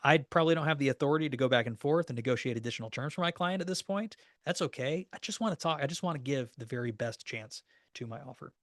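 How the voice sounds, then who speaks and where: A man's voice: medium pitch, fast, fairly bright tone, no echo, clean studio sound. A man teaching agents how to make and negotiate offers, speaking in a practical coaching tone and acting out sample calls. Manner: practical, coaching tone with acted phone scripts. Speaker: real estate trainer. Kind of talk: recorded training class.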